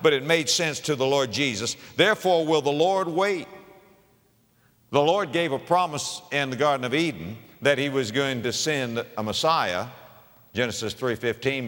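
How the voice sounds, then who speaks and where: A man preaching a sermon, swinging from hushed, low repetitions to loud, soaring proclamations. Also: big-room sound. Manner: dramatic swings from hushed to shouting, repeats phrases.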